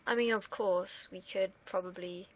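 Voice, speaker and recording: A woman's voice: medium pitch, fairly even intonation, moderate pace, highs cut off. A young woman from the UK, vlogging in a casual, rambling monologue that wanders off on tangents, with the odd swear word. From United Kingdom.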